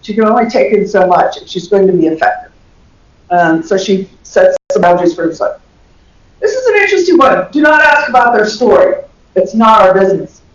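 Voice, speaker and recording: An older woman from the American South with a Southern accent, giving an animated lecture to health workers and laughing often. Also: medium pitch, brisk. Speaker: communication professor giving a lecture. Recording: echoey dull recording from far off.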